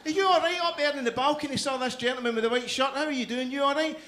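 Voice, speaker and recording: Brief: middle-aged Glaswegian comic, high voice, punchy crowd work, faint room hum. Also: male voice, quick pace. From Scotland. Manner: loud, punchy crowd work with frequent "you know what I mean". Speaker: stand-up comedian. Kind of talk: stand-up comedy set. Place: comedy club stage.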